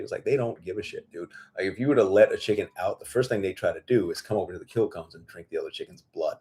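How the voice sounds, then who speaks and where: A hoarse male farmer hosting a casual livestream Q&A, blunt and profane, rambling with lots of fillers. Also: lowish voice, a little mellow. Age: adult with children. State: losing his voice, hoarse.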